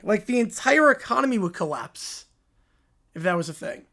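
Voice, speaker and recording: High-voiced man chatting on a livestream. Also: big pitch swings, moderate pace, vocal fry, pushed and bright. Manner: rambling, repeats himself with restarts. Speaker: livestream host. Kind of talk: casual live reaction chat.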